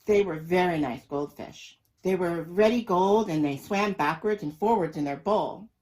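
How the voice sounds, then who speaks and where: A man reading a children's picture book aloud in a lively, expressive storytelling voice. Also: sits high, moderate pace, rough recording. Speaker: storybook reader.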